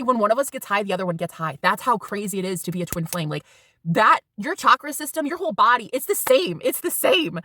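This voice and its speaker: A woman's voice: fairly high pitch, animated, fairly quick, bright, forceful tone, dry recording. A woman in her thirties telling a rambling, casual story to her vlog viewers and swearing freely. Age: 30s. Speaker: spiritual vlogger.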